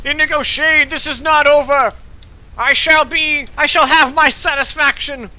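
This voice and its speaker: A man voicing a proud knight who shouts grandiose vows of revenge. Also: very high voice, steady tone, measured pace, pitched above the performer's own voice, heavily acted. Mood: furious. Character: proud male knight dragged off, vowing revenge.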